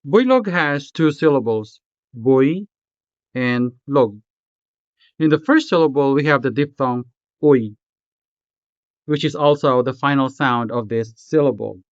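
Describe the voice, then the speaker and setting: A man's voice: mid-range voice, lively intonation, a little slow, pauses often, no echo, lo-fi sound. A man, a Hiligaynon speaker, narrating a scripted language lesson and carefully pronouncing example words. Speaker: language tutor.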